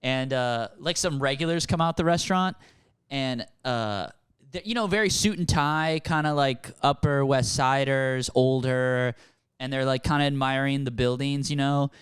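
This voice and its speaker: A man's voice: normal speed, clean tone, no echo, studio quality. A young man co-hosting a podcast, telling a rambling story with lots of laughter and acted-out quotes. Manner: animated, laughing, acts out quotes in a higher voice. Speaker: podcast co-host. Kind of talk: casual storytelling chat.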